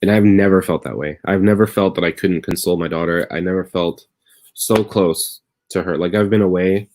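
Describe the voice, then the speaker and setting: A man's voice: deep voice, fairly even intonation, a little fast, a little mellow, slight background noise. A comedian telling a rambling personal story on a live stream from his bedroom at home, wry at moments and tender at others. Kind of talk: casual confessional monologue.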